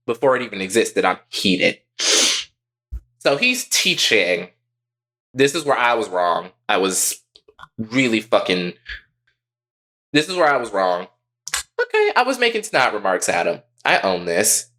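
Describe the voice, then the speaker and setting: A man co-hosting a podcast, telling a story in a casual, profane and animated way. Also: mid-range voice, takes it slowly. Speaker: podcast co-host.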